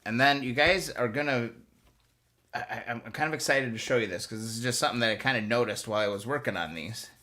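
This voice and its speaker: A man talks casually to his live-stream viewers, coaching them step by step as he works. His voice is bright and forward, set at an ordinary middle pitch, and his delivery is upbeat and chatty. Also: fast. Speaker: host of a motorcycle restoration live stream.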